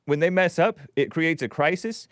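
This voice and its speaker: Chill guy hosting call-ins, smooth clear voice, dry close sound. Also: fairly high pitch, lively intonation, moderate pace, fairly bright tone, dry recording. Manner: laid-back, agreeable, chuckles often. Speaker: call-in show host. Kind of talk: casual call-in chat.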